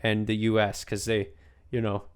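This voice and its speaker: A man's voice: on the low side, completely flat delivery, moderate pace, clear, resonant tone. A young man hosting a casual podcast chat, rambling through a story. He laughs often and keeps tagging his lines with "man.". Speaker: podcast host.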